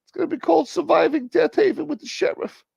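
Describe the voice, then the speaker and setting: A man voicing a boastful old male sheriff in a squeaky falsetto, bragging about himself. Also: quick pace, creaky, darkish tone, no room sound, full character voice. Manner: self-important bragging. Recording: dull lo-fi stream audio.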